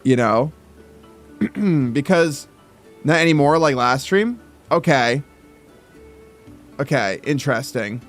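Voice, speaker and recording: A man's voice: medium pitch, animated, takes it slowly, long pauses, a bit bright, soft background music. A man chatting casually on his livestream, stammering through restarts and swearing as he talks. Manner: thinks aloud while adjusting his mic sound. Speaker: streamer.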